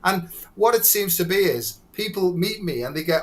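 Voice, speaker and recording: A man talks in a fairly high voice. He is a doctor on as a guest, loose and down-to-earth, cursing without a second thought. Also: normal speed, few pauses. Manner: earthy, blunt, swears freely. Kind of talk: casual conversation.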